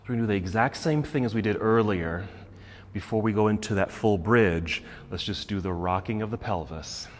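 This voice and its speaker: A man teaching a yoga class with calm, encouraging step-by-step cues. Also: on the low side, normal speed. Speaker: yoga instructor. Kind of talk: guided yoga class instruction. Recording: echoey room with faint background noise.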